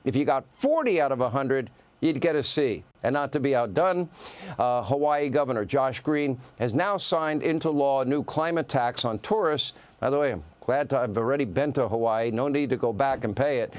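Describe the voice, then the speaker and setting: A man's voice: mid-range voice, expressive, normal speed. A man hosting a news opinion segment, delivering a sarcastic monologue in punchy lists. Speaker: news host.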